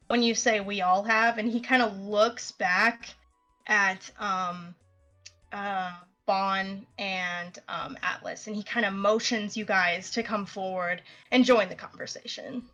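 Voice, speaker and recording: A young woman narrating as game master of a tabletop game, halting, with many fillers. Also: medium pitch, steady tone, sharp tone, faint music behind.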